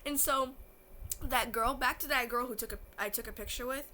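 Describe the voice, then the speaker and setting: A woman's voice: normal speed, bright, forceful tone, a little hiss or hum. A young woman vlogging about meeting a favorite creator, tearful and gushing as she retells it. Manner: gushing, tearful retelling, acts out quotes in high voices. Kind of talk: emotional fan vlog storytelling.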